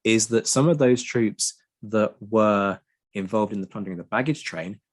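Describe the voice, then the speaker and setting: A man explaining history in a casual chat, lively and prone to ranting. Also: lowish voice, moderate pace. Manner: lively, ranting, frequent ums. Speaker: podcast co-host.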